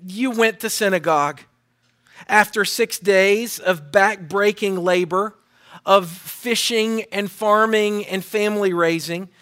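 Man, pastor, high voice, earnest sermon with scripture reading, call-and-response, church sanctuary. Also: bright, forceful tone.

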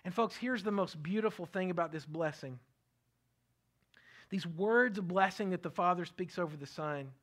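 A middle-aged man preaching a sermon, earnest and repetitive, often dropping his voice to a soft hush. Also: sits high. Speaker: pastor.

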